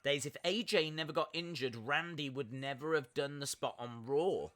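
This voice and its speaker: Young male streamer, casual upbeat live reaction commentary, fairly high and bright-toned. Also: normal speed. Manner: chatty, upbeat, many fillers, reads out chat. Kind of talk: casual live wrestling watch-along commentary.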